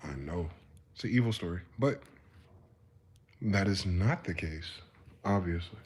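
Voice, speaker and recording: A man in his thirties giving a rambling, profane live-stream monologue, moving between quiet musing and loud ranting. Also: low voice, measured pace, slightly rough.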